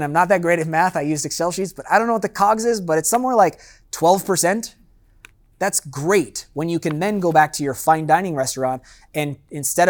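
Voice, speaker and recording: Chatty man leading a wine seminar. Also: on the high side. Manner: conversational, acts out customers' lines; loose and chatty with fillers and asides. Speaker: master sommelier giving a seminar. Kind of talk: seminar talk to a live audience.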